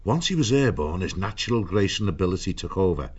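A man reading an audiobook in a measured storytelling manner. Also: low-pitched, big pitch swings, breathy edge, dull audio. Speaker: narrator. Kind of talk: audiobook narration.

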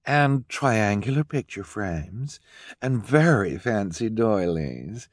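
A man's voice: fairly low pitch, expressive, slow pace, no echo, clean studio sound, pitched above the performer's own voice. A man voicing a vain, fashion-obsessed rich woman in an audiobook, with a drawling, affected manner. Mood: airy, vain.

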